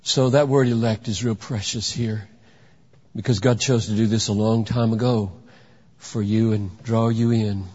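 Husky, emphatic preacher in an echoey hall. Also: male voice, on the low side, steady tone, unhurried, a little mellow. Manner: emphatic, acts out courtroom scenes. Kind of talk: sermon. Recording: echoey hall, dull lo-fi sound.

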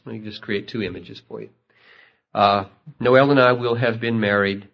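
A man preaching a sermon, telling stories and rising to emphatic peaks. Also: on the low side. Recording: muffled lo-fi recording.

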